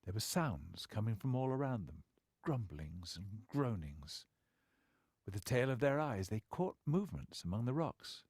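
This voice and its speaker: Expressive male audiobook narrator. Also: fairly low pitch, measured pace, breathy edge, no echo, clean studio sound. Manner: expressive storyteller, wry asides. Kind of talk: scripted narration.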